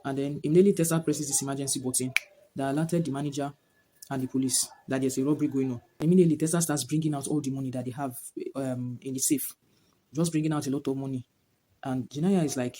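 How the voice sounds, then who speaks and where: A man's voice: fairly high pitch, quick pace, mellow, a little hiss or hum. A man giving a casual movie review to camera, retelling the plot in a rambling way full of "like" and "whatnot".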